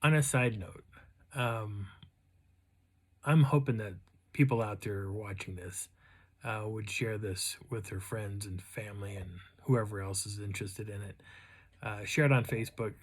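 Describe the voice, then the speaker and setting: A man's voice: on the low side, steady tone, unhurried, husky. A man hosting his own channel, telling a casual story to the camera in a rambling way, with frequent restarts and fillers. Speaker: channel host.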